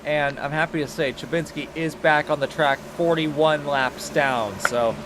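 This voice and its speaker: A man doing casual race commentary, swearing freely and getting loud for the action. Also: on the high side, measured pace. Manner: loose, swearing, rising to excited calls. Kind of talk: casual sim-racing commentary. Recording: noisy background.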